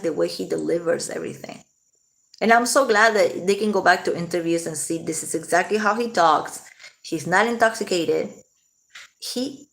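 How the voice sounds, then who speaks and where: A woman's voice: fairly low pitch, creaky, a bit bright. A woman vlogging casually, rambling and laughing often as she talks. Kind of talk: casual commentary to camera.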